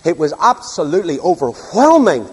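Emphatic older preacher. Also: male voice, very animated, normal speed, a little mellow, husky. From Northern Ireland. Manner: emphatic, rhetorical questions, sweeping pitch. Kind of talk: sermon. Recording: long hall reverb.

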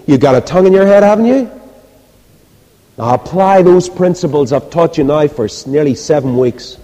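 A man preaching a sermon with emphatic, rhetorical delivery, then dropping soft and low as he leads a prayer. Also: expressive, normal speed. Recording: reverberant hall.

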